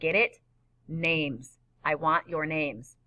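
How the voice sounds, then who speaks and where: A woman's voice: low voice, takes it slowly, distant mic. A woman voicing a menacing male biker gang boss who gives curt, threatening orders, on a dull lo-fi recording.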